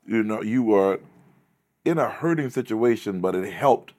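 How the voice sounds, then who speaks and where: A man hosting a podcast who mostly affirms his guest, then reflects in a calm, measured way. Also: lowish voice. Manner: frequent soft backchannel affirmations, reflective. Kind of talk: casual conversation.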